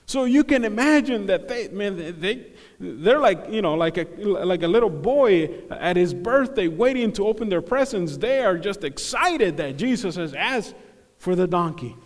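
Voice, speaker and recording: A man preaching a sermon, animated, acting out the crowd's voices and dropping to hushed tones. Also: sits high, normal speed, big-room sound. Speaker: pastor.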